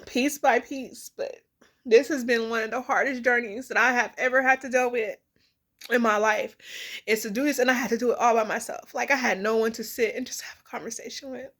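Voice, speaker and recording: A woman's voice: a little high, steady tone, a little fast, a bit bright. A woman in a candid, emotional personal vlog, tearful and rambling with many fillers, speaking. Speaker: vlogger.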